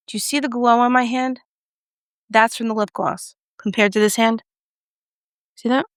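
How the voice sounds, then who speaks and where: A woman talks through a beauty product review in a relaxed, chatty way and teases herself about her pronunciation. Her voice has a gravelly edge. The recording is close and dry. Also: mid-range voice, dry recording. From United States. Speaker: beauty vlogger.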